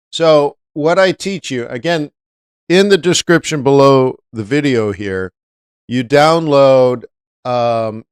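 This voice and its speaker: A man's voice: mid-range voice, smooth, dry recording, clean studio sound. A man hosting a live-stream trading lesson, chatty, often asking viewers rhetorical questions. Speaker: trading educator.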